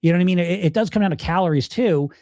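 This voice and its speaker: A man's voice: high voice, racing, darkish tone, no echo, clean studio sound. A middle-aged man coaching viewers on weight loss in a casual live Q&A, blunt and emphatic, swearing freely.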